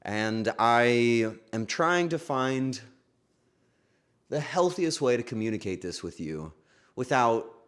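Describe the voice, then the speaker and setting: A man streaming casually from home, talking to his chat in an emotional, halting way and breaking into sudden excited outbursts. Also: mid-range voice. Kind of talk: casual livestream chat to viewers.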